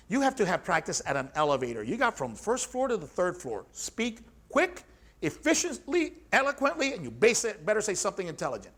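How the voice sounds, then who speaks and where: A man teaching personal trainers about growing their business, blunt and animated, acting out little dialogues with clients. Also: sits high. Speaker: fitness educator. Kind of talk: lively business coaching talk.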